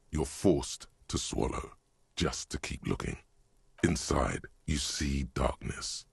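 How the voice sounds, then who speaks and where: A man voicing a solemn game narrator in scripted dramatic narration, deep and gravelly. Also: no echo, full character voice.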